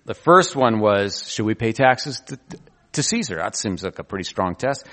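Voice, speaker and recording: A man preaching a sermon as pastor, telling stories in an animated way and acting out quoted voices. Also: on the low side, moderate pace, big-room sound.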